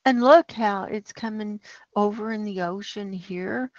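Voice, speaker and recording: Slow-talking alarmed woman livestreaming. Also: medium pitch, a little mellow, no room sound, dull audio. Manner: alarmed, ranting, talks over a map. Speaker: livestream host. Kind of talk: livestream commentary on data maps.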